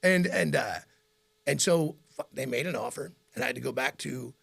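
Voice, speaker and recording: Speaking in a mid-range, slightly rough voice with vocal fry and a moderate pace, this middle-aged Midwesterner is an animated storyteller in a relaxed radio interview, taking the role of host and guest. He mimics the people he quotes and laughs a lot.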